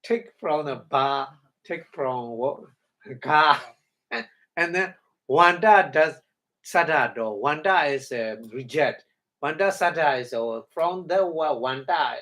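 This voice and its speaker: Slow-speaking man explaining Pali terms. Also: fairly high pitch, expressive, fairly bright tone. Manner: halting non-native English, chuckles often, checks understanding. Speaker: meditation teacher. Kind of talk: Dhamma talk explaining Pali words.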